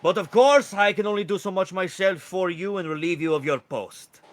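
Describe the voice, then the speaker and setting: A man's voice: high-pitched, normal speed, dry recording, voice pushed up, natural voice. A man voicing a polite, formal male rooster courtier in royal garb. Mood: courteous.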